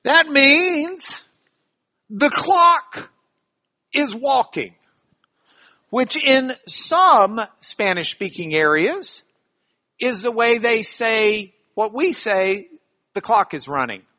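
A teacher giving a classroom lecture on Bible translation to an audience, explaining ideas with everyday examples in an animated way, speaking into a microphone. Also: mid-range voice, very slow, long pauses.

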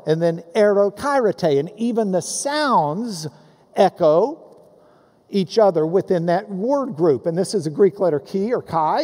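A man preaching a sermon as pastor, animated and playful as he recites rhymes and sounds out words. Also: sits high. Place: church sanctuary. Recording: long hall reverb.

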